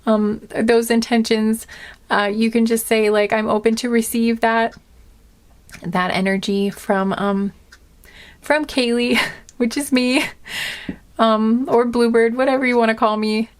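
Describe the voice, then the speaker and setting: A woman giving a casual spoken tarot reading to her viewers, gentle and earnest, rambling with many fillers and restarts. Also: fairly high pitch, flat delivery, unhurried, long pauses. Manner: earnest and emotional. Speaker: tarot reader.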